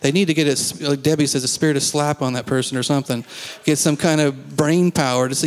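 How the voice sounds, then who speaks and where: A man's voice: on the high side, quick pace. A man preaching a sermon as pastor, talking conversationally and asking the congregation questions in a church sanctuary. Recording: long reverb of a church hall.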